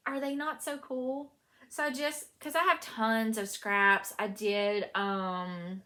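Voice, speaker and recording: A woman's voice: medium pitch, fairly bright tone. Gushing Southern woman knitting vlogger. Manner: gushing, chatty, lots of fillers. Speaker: knitting podcast host. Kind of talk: casual show-and-tell vlog.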